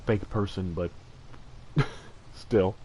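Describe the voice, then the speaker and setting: A man's voice: low-pitched, very slow, darkish tone, husky, low-quality recording. A man streaming a game and chatting casually, earnest and heartfelt, rambling with lots of fillers and restarts. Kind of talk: casual livestream chat while gaming.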